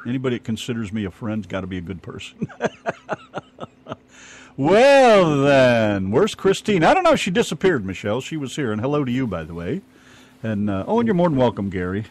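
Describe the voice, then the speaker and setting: A man's voice: fairly low pitch, fast talker, slightly rough. A man with an American accent co-hosting an online radio show, telling crude jokes in casual banter. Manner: joking, crude, animated.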